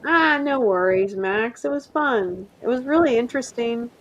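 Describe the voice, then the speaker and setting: A woman's voice: fairly high pitch, expressive, normal speed, lo-fi sound. A middle-aged woman hosting a casual live stream, rambling and chatty, often laughing and trying out French words. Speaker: livestream host.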